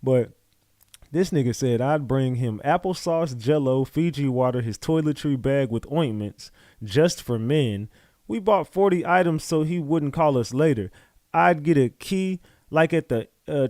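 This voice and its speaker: A man's voice: medium pitch, darkish tone, no echo, clean studio sound. A man giving casual, profane commentary as he reads out court testimony, incredulous and mocking. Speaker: commentator on a trial.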